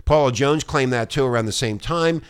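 A man hosting a talk radio show, ranting in a brash, crude, animated way. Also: medium pitch, normal speed, clear, resonant tone. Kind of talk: irreverent talk radio banter.

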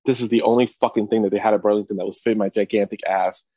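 A man co-hosting a casual podcast, telling stories in a profane, animated way. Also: on the low side, quick pace, slightly rough, no echo. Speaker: podcast co-host.

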